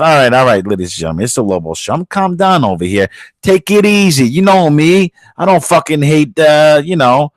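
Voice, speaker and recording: Loud sweary guy ranting on his podcast, voice sits a bit high, dry close mic. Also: very animated, brisk, no echo, poor audio. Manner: aggressive, swearing, mocking voices. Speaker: podcast host. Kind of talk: profane ranting commentary.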